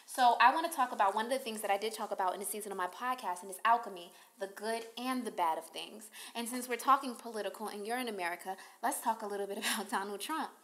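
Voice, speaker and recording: A woman's voice: medium pitch, fast, hardly any pauses, fairly bright tone. A woman filling in as host of a casual news chat podcast, talking in a bubbly, playful, teasing way. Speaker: fill-in host.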